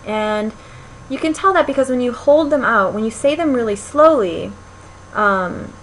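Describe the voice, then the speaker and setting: A woman's voice: on the high side, animated, moderate pace, fairly bright tone, a little hiss or hum, rough recording. A young woman teaching a recorded linguistics lecture, explaining step by step with frequent ums and restarts. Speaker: linguistics instructor.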